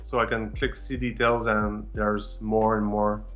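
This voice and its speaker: A man's voice: on the low side, level tone, measured pace, lo-fi sound. A man whose first language is French, presenting a live technical demo with many fillers and restarts.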